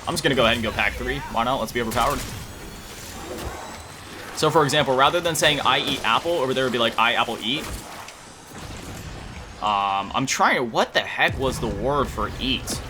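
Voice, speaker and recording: A man with a medium-pitched voice chats casually while he plays a game, rambling, often correcting himself, and dropping lots of fillers and self-mocking laughs. He's a gaming video creator, and the background is noisy.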